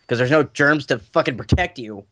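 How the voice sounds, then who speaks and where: A man's voice: medium pitch, normal speed, fairly bright tone, no room sound. A man co-hosting a wrestling podcast, talking animatedly and casually, saying "dude" and swearing. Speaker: podcast co-host. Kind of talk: casual chat.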